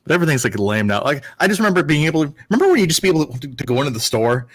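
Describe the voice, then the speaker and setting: An excitable man co-hosting a podcast in casual chat, full of repeats and fillers. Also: on the high side, very fast, breathy edge. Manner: excitable, nostalgic, lots of "like" and repeats. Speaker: podcast co-host.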